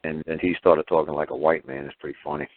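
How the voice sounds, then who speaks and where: A man's voice: a bass voice, quick pace. A man calling in to a talk show, chatting casually and acting out the voices of people he quotes. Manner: animated, acts out quoted voices. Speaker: caller. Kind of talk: casual phone conversation. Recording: dry tinny phone line.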